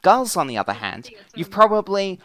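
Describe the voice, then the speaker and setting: A young woman teaching a casual voice acting class, explaining slowly and deliberately and demonstrating voices along the way. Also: medium pitch, sing-song, a bit bright, rough recording. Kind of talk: casual class lecture in a virtual world.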